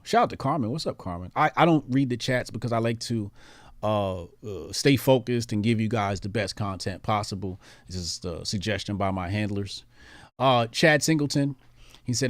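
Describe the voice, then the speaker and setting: A man's voice: on the low side, normal speed, no echo, clean studio sound. A man hosting a livestream, reading viewer messages in a laid-back, rambling way with many fillers. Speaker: livestream host.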